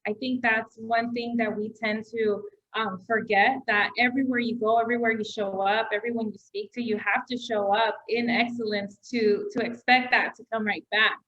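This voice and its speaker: A woman's voice: on the high side, steady tone, normal speed, fairly bright tone, lo-fi sound. A woman real estate agent interviewing a guest in a casual, encouraging way, laughing along.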